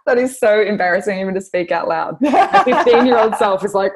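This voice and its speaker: A woman in her twenties with an Australian accent, a guest talking casually on a podcast, earnest and quick to laugh. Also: medium pitch, animated. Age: 20s. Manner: earnest, laughs often, speaks slowly when stressing a point.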